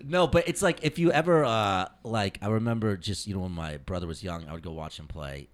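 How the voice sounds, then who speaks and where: A man hosting a casual comedy podcast live from a comedy club. He talks excitably and swears constantly. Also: low-pitched, fairly quick. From Indiana. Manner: profane, excitable, loud bursts of laughter. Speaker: podcast host.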